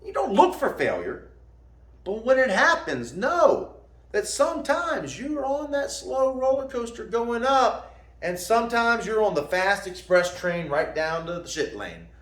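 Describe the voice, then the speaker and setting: Animated, high-voiced motivational teacher man. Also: unhurried, reverberant. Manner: animated, folksy, laughs at own jokes, calls listener "man". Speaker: martial arts teacher and reverend. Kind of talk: motivational talk.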